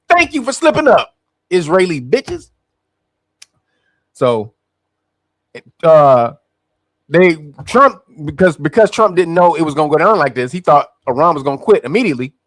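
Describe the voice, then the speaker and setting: High-voiced man in profane, mocking commentary. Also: sing-song, unhurried, pauses often, no room sound. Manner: profane, mocking, laughs often, acts out voices. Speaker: commentary host. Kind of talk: casual political commentary.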